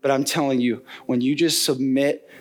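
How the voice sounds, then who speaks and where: A man's voice: medium pitch, fairly even intonation, normal speed. A young man giving a sermon in an earnest, conversational way, telling a story and acting out the voices of its people. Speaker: preacher. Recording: soft guitar music behind.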